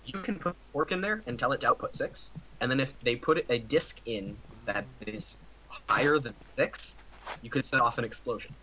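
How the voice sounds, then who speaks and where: A man's voice: medium pitch, normal speed, bright, forceful tone, slight background noise, rough recording. A man from Ohio chatting casually on a group voice call, rambling with repeated words. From Ohio, USA. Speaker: podcast participant.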